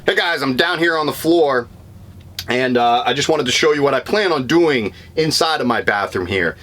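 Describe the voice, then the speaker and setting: This van life vlogger, a young man with a Boston accent, speaks expressively in a mid-range, fairly bright voice at a moderate pace. He rambles casually through a tour of his van, with plenty of ums and corrections of himself.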